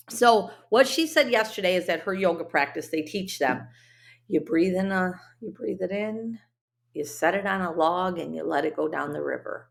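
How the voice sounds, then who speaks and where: A woman's voice: on the low side, vocal fry. A woman hosting a solo podcast, talking in an earnest, heartfelt and chatty way with plenty of fillers. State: briefly emotional. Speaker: podcast host. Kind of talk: solo motivational podcast talk.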